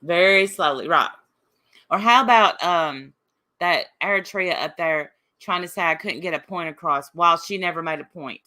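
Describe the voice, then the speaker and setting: Speaking at a normal pace in a lowish, pushed, bright voice, this Appalachian woman runs a casual livestream chat. She's combative, reading out viewer comments and firing back answers.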